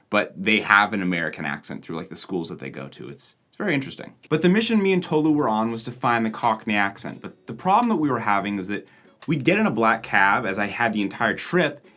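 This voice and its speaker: Vlog guy narrating, kinda low voice but bright and punchy, jokey and loose. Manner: candid, jokey, swears casually. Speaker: travel vlogger and host.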